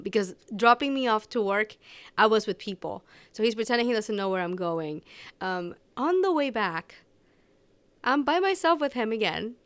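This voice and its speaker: Woman, podcast host, candid storytelling, smooth clear voice, dry close recording. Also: mid-range voice, no echo. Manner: candid, animated storytelling with laughs and quoted dialogue. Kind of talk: unscripted personal podcast monologue.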